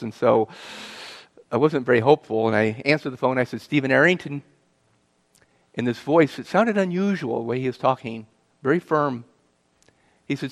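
A middle-aged man giving an earnest personal testimony as a guest speaker, telling his story and asking the audience questions. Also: medium pitch. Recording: long hall reverb.

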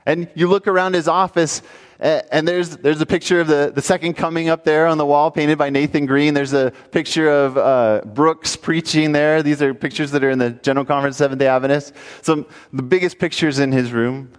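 A pastor giving a sermon, telling a story with animation and rising into emphatic calls to the congregation. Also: male voice, on the high side, fairly even intonation, a little fast, clean tone, long reverb tail.

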